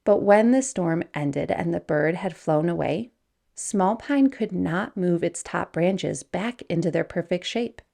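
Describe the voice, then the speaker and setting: Slow, gravelly woman reading a storybook. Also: on the low side. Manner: gentle, unhurried read-aloud with soft hushed passages.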